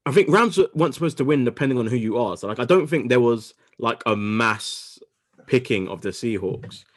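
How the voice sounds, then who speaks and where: A man hosting a casual sports podcast, talking quickly and correcting himself as he goes. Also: mid-range voice, animated. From United Kingdom. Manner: quick, self-correcting, talks over himself. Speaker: podcast host.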